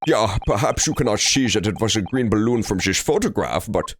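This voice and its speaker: A man's voice: lowish voice, lively intonation, brisk, slight background noise, close to an everyday voice. A man voicing an indignant young witness in a courtroom game, whiny and defensive. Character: indignant young witness who wanted a balloon ride.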